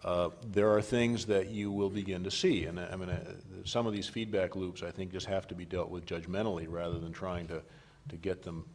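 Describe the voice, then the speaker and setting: A middle-aged man answering as a panelist on risk management, measured and given to repeating words while he gathers his thoughts. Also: sits low, darkish tone, a little hiss or hum.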